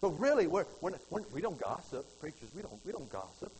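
A man preaching a folksy sermon to his church, swinging from loud to hushed. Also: a little high, very animated, fast, slight background noise, poor audio. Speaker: pastor.

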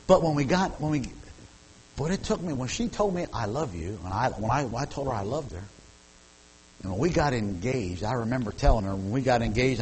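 A middle-aged man preaches with animated energy and a medium-pitched voice. He stumbles over repeated words as he builds up, then eases into folksy humor. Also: a little hiss or hum, poor audio. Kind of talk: sermon with personal storytelling.

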